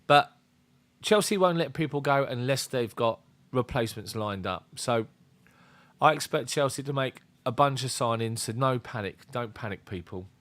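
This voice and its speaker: A man's voice: medium pitch, animated, normal speed, a bit bright, no room sound. A man hosting a casual football fan live stream, talking bluntly and greeting viewers by name. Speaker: football fan channel host.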